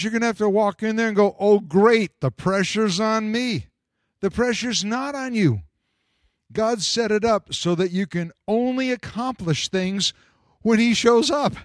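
A man delivers a sermon with a lively, swooping delivery that sits a touch high. He jokes and slips into imagined speakers' voices as he goes. The sound is dry and close. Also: dry recording. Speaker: preacher.

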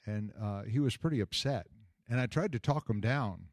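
An older man tells a personal story in a medium-pitched voice and hammers his points home by repeating them. His voice jumps up high when he gets emphatic. The sound is dry and close, with no room echo. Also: expressive, normal speed. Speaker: pastor and jail chaplain.

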